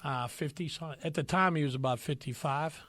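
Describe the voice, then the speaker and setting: A man's voice: fairly high pitch, fast talker, fairly bright tone, no room sound. A middle-aged man hosting a casual comedy podcast, telling crude stories and laughing through the punchlines. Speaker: podcast host.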